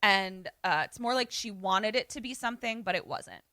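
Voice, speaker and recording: Podcast co-host, female, lively storyteller who performs character lines; bright tone, dry booth sound. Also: mid-range voice, moderate pace, no echo. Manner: animated retelling, acting out characters' lines. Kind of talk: casual film recap chat.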